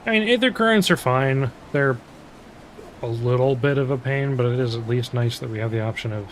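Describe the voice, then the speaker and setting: A man's voice: medium pitch, fairly quick, a little hiss or hum. Laughing man chatting over a game. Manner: joking and laughing, reads game text aloud. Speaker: streamer playing an online game with friends. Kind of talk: casual gameplay chat.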